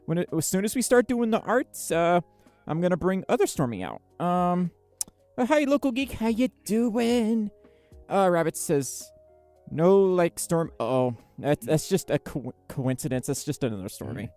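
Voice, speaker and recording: A woman's voice: sits low, lively intonation, moderate pace, dark tone, faint music behind. A woman chatting casually on a livestream, bubbly and giggly, reading chat messages aloud with lots of fillers. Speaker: streamer.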